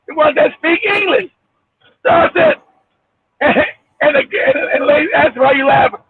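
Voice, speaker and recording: High, lively man on a phone line. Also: a little slow. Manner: animated, laughs often, repeats himself. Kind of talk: casual chat.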